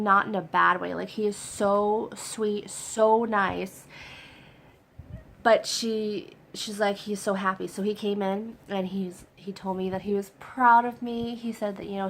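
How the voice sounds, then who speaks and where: Young adult woman vlogger, chatty and excited, slightly cold-affected, average pitch, light noise behind. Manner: excited, chatty, lots of fillers. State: getting over a cold. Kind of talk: casual personal update.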